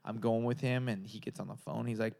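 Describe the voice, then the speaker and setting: A man's voice: fairly low pitch, fairly even intonation, brisk, creaky, darkish tone. A man from Southern California, a comedian guest, telling a long story in casual chat, rambling and swearing with lots of filler words. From San Gabriel Valley, California.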